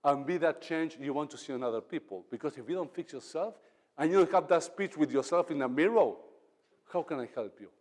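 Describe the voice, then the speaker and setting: A man's voice: fairly high pitch, expressive, a little fast, a little mellow. Man speaking in a reverberant hall. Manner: emphatic, acts out quoted lines. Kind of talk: motivational talk on leadership. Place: event hall.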